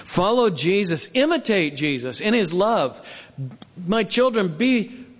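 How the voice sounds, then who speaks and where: Male pastor, fairly high voice, emphatic sermon with rhetorical asides, long hall echo on a dull lo-fi recording. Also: animated. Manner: emphatic, rhetorical questions, slows on scripture quotes. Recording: reverberant, dull lo-fi sound.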